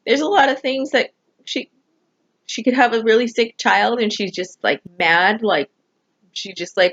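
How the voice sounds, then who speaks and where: Here a woman vlogger addresses the camera unhurriedly, her voice slightly high, fairly bright, and lively in intonation, though the highs are cut off. Talking about family and people, she gets emotional and rambles, leaning on fillers like "you know."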